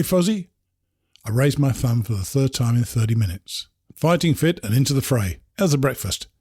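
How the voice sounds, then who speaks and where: Husky English man narrating a memoir. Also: medium pitch, dark tone, no echo, studio quality. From England. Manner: measured, reflective storytelling. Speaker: narrator reading his hiking memoir. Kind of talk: first-person memoir narration.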